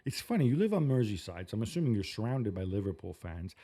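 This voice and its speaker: A man hosting a football podcast in casual chat, wry and quick, with frequent fillers and restarts. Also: lowish voice, big pitch swings, dark tone, husky. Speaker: podcast host.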